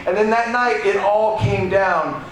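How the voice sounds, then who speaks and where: A man on a press panel telling an animated anecdote, with lots of restarts and swearing. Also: high voice, measured pace. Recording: echoey room, background noise.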